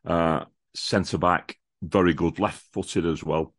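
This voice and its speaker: A man with a deep, low voice talks casually about football as a podcast guest. He is enthusiastic and chatty, often restarting and repeating words. The sound is dry, with no room echo. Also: steady tone, slow. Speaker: podcast guest, lifelong fan of the visiting football club. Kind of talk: casual chat, football preview.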